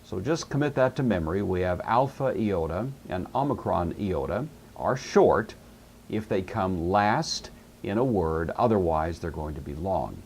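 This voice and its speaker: A middle-aged male teacher with a low, gravelly voice, walking through a lesson patiently and slowly repeating the key terms. His pitch rises and falls a lot as he stresses each point. A faint hiss sits under the recording. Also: lively intonation, darkish tone. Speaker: Greek teacher. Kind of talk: recorded lecture.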